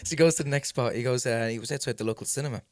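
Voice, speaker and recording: A man's voice: mid-range voice, rapid-fire, dry recording, studio quality. A young man co-hosting a podcast, bantering and laughing loosely as he trades jokes. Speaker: podcast co-host. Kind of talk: casual chat. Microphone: podcast microphone.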